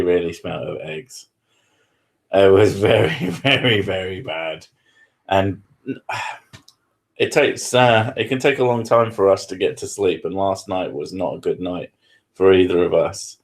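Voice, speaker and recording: A man's voice: deep voice, unhurried. A man, hosting a live stream from his living room with crude, self-mocking banter. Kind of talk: casual live-stream chat.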